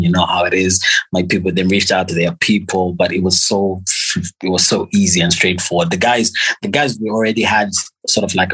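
A man from Zimbabwe, a musician guest, talks on a podcast in a low, somewhat husky voice. He is animated and laughs easily, often doubling back mid-sentence to restart a thought. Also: low-quality recording. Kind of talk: casual podcast chat.

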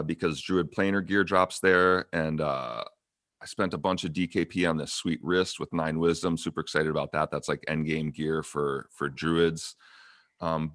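A man hosting a casual gaming podcast, an animated storyteller with many fillers. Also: rumbling low, dry recording, clean studio sound. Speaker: podcast host.

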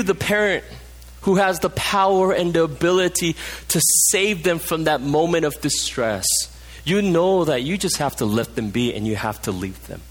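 Man preaching in a reverberant hall. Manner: passionate, drops low and soft for emphasis. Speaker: pastor. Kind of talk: sermon.

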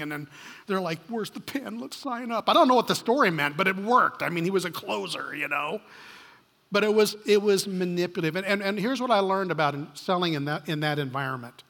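A man's voice: fairly high pitch, brisk, creaky, sharp tone. A man preaching a sermon from a church stage, telling stories in a conversational way with frequent restarts. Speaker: pastor. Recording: long hall reverb.

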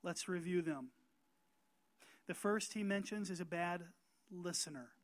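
A man from North Carolina preaching a sermon as pastor, emphatic and slowing down to stress key words, often asking his congregation questions. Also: sits high.

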